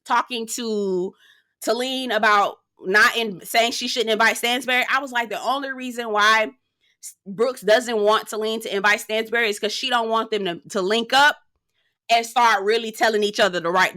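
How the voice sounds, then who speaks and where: A woman giving a sassy, slangy gossip recap of a reality show episode, animated and quick to laugh. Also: a little high. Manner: sassy, slangy, keeps calling listeners girl and child; animated storyteller who laughs often. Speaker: reality TV reviewer. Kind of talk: casual gossipy recap commentary.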